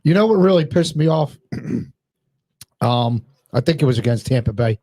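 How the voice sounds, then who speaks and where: A man's voice: medium pitch, lively intonation, normal speed, dark tone. A man co-hosting a casual sports podcast, arguing and teasing. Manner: argumentative, teasing. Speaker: podcast co-host.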